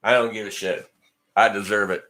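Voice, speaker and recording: A man's voice: lowish voice, little pitch movement, normal speed, pushed and bright. A man hosting a casual livestream, rambling and joking as he talks back to viewer comments. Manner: joking and blunt. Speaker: guitar channel host.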